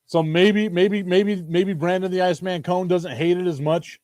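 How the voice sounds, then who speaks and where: A sports talk show host from Chicago runs a casual stream, joking, rambling, and laughing a lot. His voice sits a bit high for a man, with a darkish, steady tone at a moderate pace, and the sound is dry and close with no room echo.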